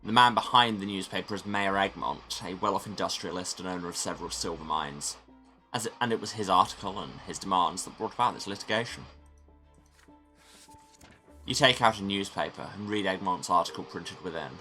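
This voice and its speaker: A man's voice: sits low, fairly quick, pushed and bright, faint music behind. A tired man streaming a game, reading its narration aloud with dry asides. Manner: dry, self-deprecating asides. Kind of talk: playthrough narration.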